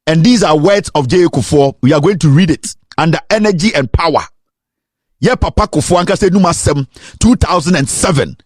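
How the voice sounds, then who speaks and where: Fiery Ghanaian man ranting in a lively high voice. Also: a little fast, slightly rough, no echo, clean studio sound. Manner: switches between English and Twi, repeats rhetorical questions, at times sing-song. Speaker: political commentator. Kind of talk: impassioned political rant.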